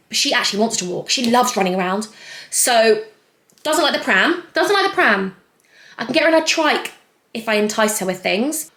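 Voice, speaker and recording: Brief: young pregnant woman, high-ish voice, chatty makeup-chair Q&A, roomy echo. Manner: chatty, rambling, laughs often, animated quoting. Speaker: vlogger. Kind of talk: casual Q&A chat while doing makeup. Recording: echoey room.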